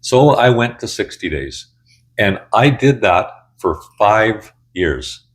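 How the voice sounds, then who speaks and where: A man's voice: fairly low pitch, big pitch swings, slow. A man in his sixties telling his own story to camera in a candid, blunt, conversational way. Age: 60s. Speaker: channel host. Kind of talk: casual personal storytelling.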